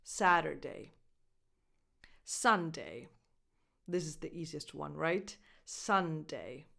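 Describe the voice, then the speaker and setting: Slow, careful woman English coach. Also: deep voice, lively intonation, vocal fry, fairly bright tone. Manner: slow, exaggerated word-by-word modelling. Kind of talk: pronunciation lesson.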